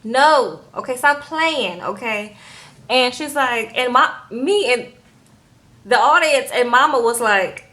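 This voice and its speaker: A woman's voice: a little high, lively intonation, takes it slowly, sharp tone. A woman casually recapping a reality show, retelling scenes and quoting people with a sassy "okay?" after her lines.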